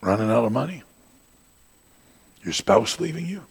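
An older man preaching a sermon. He climbs to shouted peaks and then drops to quiet asides. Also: mid-range voice, sing-song, moderate pace, gravelly, husky.

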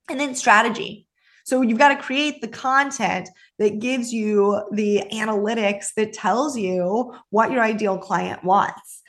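A woman hosting her own podcast, coaching listeners on social media in an upbeat, chatty way with quick asides. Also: medium pitch. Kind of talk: casual solo podcast talk.

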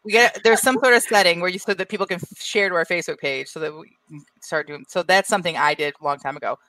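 A woman's voice: on the low side, fast talker, sharp tone, no echo. A woman co-hosting a casual chat who reads listener comments and laughs often. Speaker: podcast co-host.

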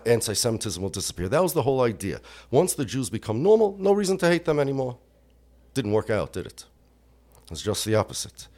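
A man's voice: lowish voice, darkish tone. A middle-aged American man giving an impassioned religious lecture, emphatic and full of rhetorical questions. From United States. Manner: emphatic, with rhetorical questions and Yiddish and Hebrew terms.

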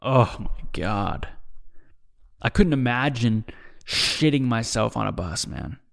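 A young man rambles through a loose solo podcast monologue in an ordinary mid-pitched voice. He swears often and drops "dude" and "bro" into nearly every thought, drifting from one gripe to the next. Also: lively intonation, slow pace, gravelly. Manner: profane, rambling, says "dude" a lot. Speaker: podcast host. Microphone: desk mic, seen drinking on video.

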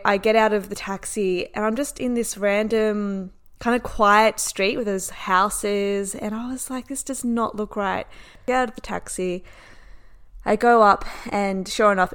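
A woman's voice: medium pitch, clean tone. A young woman from Australia telling a personal story in a casual vlog, acting out the lines of the people in it. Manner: animated, acts out other people's lines. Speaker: vlogger.

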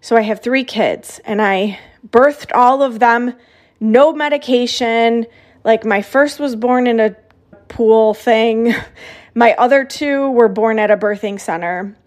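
A woman's voice: fairly high pitch, slow. A woman in her thirties giving an earnest, emphatic motivational talk as a coach, often repeating herself for emphasis.

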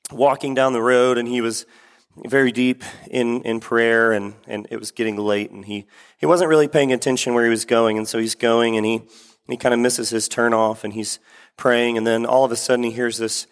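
A man's voice: medium pitch, clear, resonant tone. A man preaching a sermon as pastor, talking casually with fillers and restarts, then reading scripture. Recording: echoey hall.

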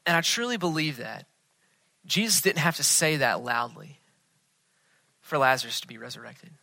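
Earnest male pastor, bright dry voice. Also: medium pitch, lively intonation, moderate pace, creaky, dry recording. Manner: earnest, dropping to a hush for emphasis. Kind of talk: sermon.

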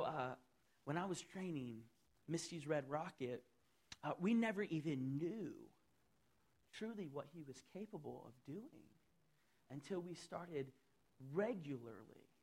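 Animated preacher man. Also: fairly high pitch. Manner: animated preaching, rising then dropping to soft asides. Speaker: pastor. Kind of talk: sermon. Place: church.

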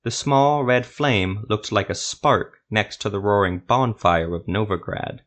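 Low-voiced man narrating a fantasy story. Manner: steady, measured storytelling.

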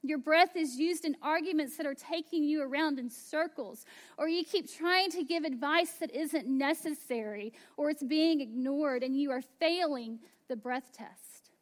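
A woman pastor in her thirties preaching a sermon, slow and emphatic, dropping to hushed asides. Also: high-pitched.

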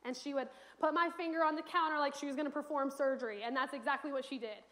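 A young woman preaches a sermon in a church sanctuary, telling stories earnestly and sprinkling in casual fillers. Her voice sits high and steady, fairly bright, and she speaks at a quick pace.

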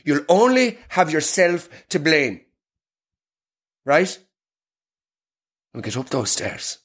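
A man's voice: a little high, sing-song, slow, a bit bright, full character voice. A man doing a nagging Irish mammy. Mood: fussing, scolding. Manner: nagging, melodramatic scolding. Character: fussing, scolding middle-aged Irish mother.

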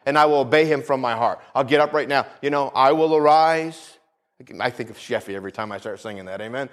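A man preaches a fervent sermon, his voice swelling and falling as he calls on the congregation for amens. He's at a medium pitch and speaking at a racing pace.

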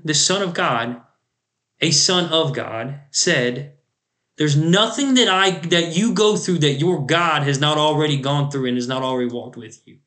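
A man's voice: on the high side, fairly bright tone. Earnest man preaching on a podcast. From United States. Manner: earnest, emphatic, quotes scripture. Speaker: podcast host. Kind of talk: preaching monologue.

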